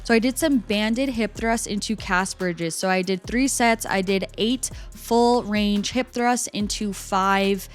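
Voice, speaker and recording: A woman's voice: medium pitch, slow pace, few pauses. Chatty young woman coaching workout form. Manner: instructive and chatty, with filler "like". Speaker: personal trainer. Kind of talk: voice-over workout explanation.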